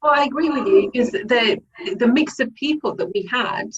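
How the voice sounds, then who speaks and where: A woman's voice: on the high side, expressive, moderate pace, dull audio. A woman hosting an interview, encouraging her guest and sharing her own memories. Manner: encouraging, affirming. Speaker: host. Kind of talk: interview chat.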